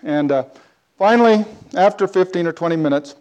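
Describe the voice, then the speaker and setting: A man telling a personal story in a talk, animated, with big swings between loud and quiet. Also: high-pitched, a little fast, smooth.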